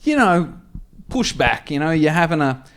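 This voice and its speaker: This Australian co-host has a voice on the high side and keeps a moderate pace as he spins sweary, crude stories for a comedy podcast. His delivery is lively and animated, typical of casual podcast storytelling.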